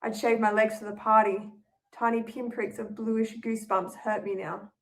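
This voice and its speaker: A woman's voice: mid-range voice, flat delivery, normal speed, distant mic. A young woman reading her own first-person story as a tense, anxious inner monologue. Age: young adult.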